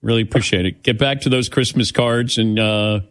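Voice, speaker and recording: A man's voice: on the low side, steady tone, moderate pace, fairly bright tone, clean tone. A man hosting an interview, asking teasing, joking questions. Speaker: host. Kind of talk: casual interview chat.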